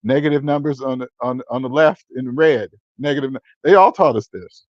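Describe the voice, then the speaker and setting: In a casual, livestream-style monologue, a man in his fifties hosts a personal finance channel, speaking bluntly and preachily and repeating words for emphasis. His voice is medium-pitched and fairly quick. The recording is lo-fi with no echo.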